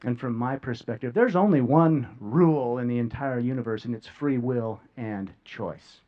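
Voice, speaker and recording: A man giving an emotional talk to a live audience, earnest and heartfelt, often halting with repeated words and long pauses. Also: mid-range voice, dull audio. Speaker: speaker sharing a near-death experience. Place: stage before a live audience.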